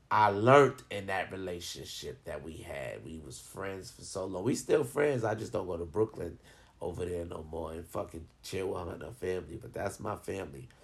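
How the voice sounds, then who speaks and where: A man telling a rambling, profane personal story and giving advice to his viewers in a casual, animated way. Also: sits low, gravelly.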